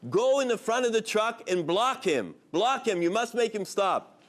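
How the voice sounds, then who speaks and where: A man voicing a calm, saintly elderly male rabbi who speaks quietly and gently in a told story. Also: sits high, moderate pace, voice pushed up. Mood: insistent. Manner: quiet, soft-spoken and serene.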